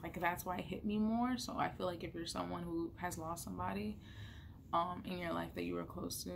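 A woman's voice: on the low side, gravelly, slight background noise. A woman giving a casual, chatty book wrap-up at home, full of fillers. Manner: chatty, emotional, lots of fillers. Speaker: book reviewer. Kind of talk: casual monthly reading wrap-up.

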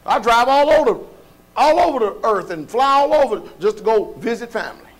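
A male pastor preaching a sermon in a colloquial, folksy way, firing off rhetorical questions and sometimes rising to shouts. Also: very high-pitched, lively intonation, moderate pace.

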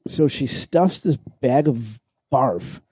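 A man co-hosting a podcast, telling a story in a casual, animated way, swearing and acting out what people said. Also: mid-range voice, slow, breathy edge, dry recording. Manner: animated, swearing, acts out quoted lines. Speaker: podcast co-host. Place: podcast recording room.

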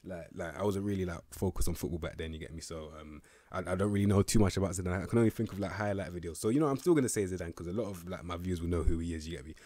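A man's voice: deep voice, very fast, dark tone, no room sound. A young man, casually commenting on a football management game in heavy slang. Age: young adult. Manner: slangy, laid-back, swears casually. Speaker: gaming youtuber.

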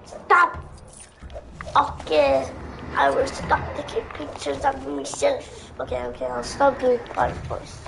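A woman's voice: high voice, steady tone, slow, vocal fry, fairly bright tone. A woman chatting casually to herself while playing a video game. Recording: noisy home recording.

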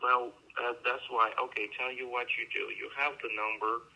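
A man's voice: medium pitch, flat delivery, moderate pace, sharp tone. A man on a phone call, pushy and insistent, repeating his instructions. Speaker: phone scammer. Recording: tinny phone line.

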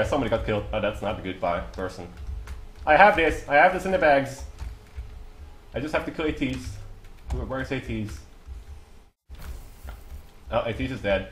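A man giving casual, excitable commentary over his own gameplay, then a rambling sign-off full of fillers. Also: mid-range voice, moderate pace, long pauses. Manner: excitable, chants siren-like noises. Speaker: gaming channel host.

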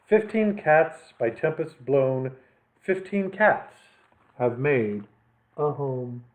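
A man hosting a children's library story time, reading picture books aloud with animated delivery and chatty asides. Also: mid-range voice, slow pace. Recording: lo-fi phone-like sound.

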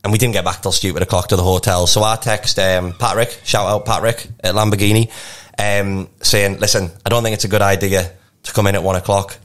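A man's voice: fairly low pitch, fairly even intonation, brisk, few pauses, fairly bright tone. A man with a North East English accent co-hosting a podcast, telling a long rambling anecdote and laughing often. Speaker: podcast co-host. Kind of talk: casual storytelling.

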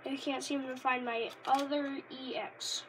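A woman rambling casually in a vlog, easily delighted and bursting into loud exclamations. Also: high voice, level tone, a little slow, background noise. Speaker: Pokémon card reviewer. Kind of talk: casual unscripted vlog chat.

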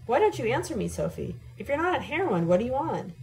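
A woman's voice: a little high, big pitch swings, fast talker, creaky, darkish tone, faint music behind, pitched above the performer's own voice, poor audio. A woman reading the part of an exasperated young man who presses with blunt questions, in an audiobook.

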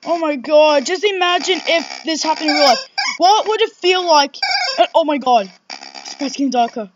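A woman's voice: high voice, animated, normal speed, lo-fi sound. A woman playing a horror game and commenting, jumpy and exclaiming, often swearing. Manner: jumpy, exclaiming, swearing, frequent 'oh my God'. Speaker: let's play gamer. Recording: loud background noise.

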